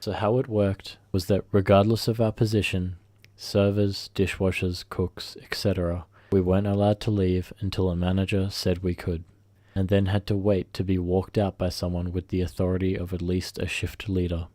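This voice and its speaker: A man reads a first-person revenge story aloud, stumbling over words and restarting phrases as he goes. His voice sits low and mellow, recorded close and dry with no room echo. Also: little pitch movement. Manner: halting, self-correcting reading. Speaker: story narrator.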